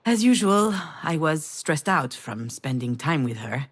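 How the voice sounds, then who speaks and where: A woman's voice: sits low, very animated, a little slow, husky, heavily acted. An actress playing a mother who recalls a family memory in an intimate, storytelling manner for a game. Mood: nostalgic. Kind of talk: game voice acting.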